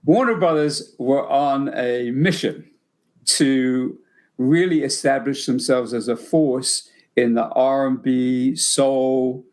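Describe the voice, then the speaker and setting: A man's voice: medium pitch, fairly even intonation, slow, darkish tone. An older man from Britain hosting a music podcast, telling stories in a loose, rambling way with many restarts. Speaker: podcast host. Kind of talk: casual anecdotal chat.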